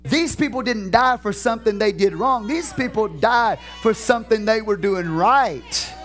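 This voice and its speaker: A man pastor preaching a sermon in a church, fervent and questioning, with shouted peaks and slow drawn-out phrases. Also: high-pitched, faint music behind.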